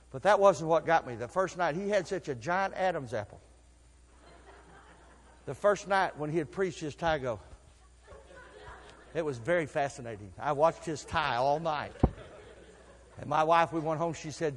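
An older man preaching a sermon, telling folksy stories and swinging from quiet asides to shouted exhortation. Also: sits high, normal speed, pauses often. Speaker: pastor. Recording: long hall reverb.

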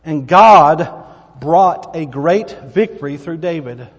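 A preacher with a high voice reads scripture with dramatic emphasis, breaking off into casual asides for his listeners. His voice rings out with a long reverb, as if filling a church hall. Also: expressive, slow. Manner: dramatic Bible reading with asides. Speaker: pastor. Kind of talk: sermon.

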